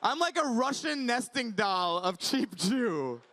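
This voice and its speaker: A man doing animated stand-up comedy on a conference stage, telling stories with voiced asides. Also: very high voice, takes it slowly, a little hiss or hum. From Iran. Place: conference stage before a live audience.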